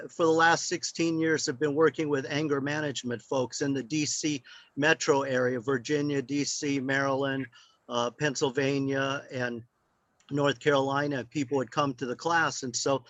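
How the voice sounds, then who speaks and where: A man's voice: medium pitch, a bit bright, dry recording. An older man speaking as a guest, telling rambling anecdotes. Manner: rambling, anecdotal, with many fillers. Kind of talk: storytelling.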